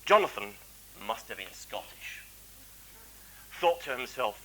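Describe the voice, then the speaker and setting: A clergyman lecturing in an animated, wide-ranging voice, chatty and self-deprecating with frequent asides. His tone is bright and a little husky. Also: fairly low pitch, unhurried, long pauses, poor audio. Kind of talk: anecdotal public lecture.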